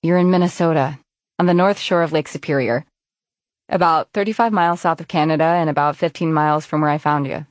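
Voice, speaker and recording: A woman narrator voicing a calm grown man who speaks in an even, gently teasing way. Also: sits low, fairly quick, no echo, close to an everyday voice.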